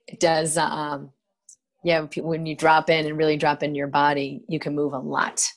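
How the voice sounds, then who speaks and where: A woman leading a tapping exercise in a podcast interview, giving soothing step-by-step instructions with lively asides. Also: deep voice, moderate pace. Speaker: practitioner guest. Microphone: podcast microphone.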